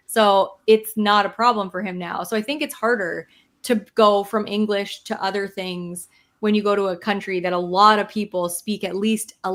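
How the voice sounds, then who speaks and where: A woman co-hosting a podcast, curious and musing as she thinks aloud. She scatters "like" fillers through her questions in easy conversation. Her voice sits at an ordinary middle pitch for a woman. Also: fairly bright tone. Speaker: podcast co-host. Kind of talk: casual chat.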